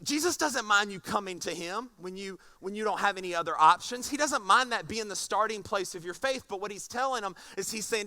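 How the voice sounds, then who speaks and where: High bright-voiced preacher. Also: male voice, brisk, few pauses. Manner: animated, repeats words when excited. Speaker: pastor. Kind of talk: sermon.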